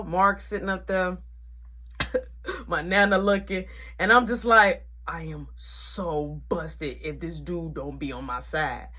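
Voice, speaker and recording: A young man telling a family story in casual speech, animated and dramatic. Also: high voice. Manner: animated, dramatic, switches voices.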